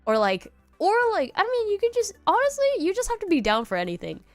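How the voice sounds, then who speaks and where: A woman's voice: very high-pitched, wildly swooping pitch, fast, dry recording, faint music behind. A young woman streaming from home, chatting casually and telling rambling stories in a loose, laughing way. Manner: rambling storytelling with laughs and quoted voices.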